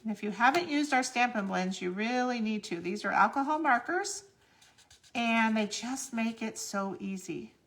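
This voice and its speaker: Chatty woman with a gravelly, bright voice. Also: a little high, animated, moderate pace. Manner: chatty, explains each step while working. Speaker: crafting demonstrator. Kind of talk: live crafting tutorial.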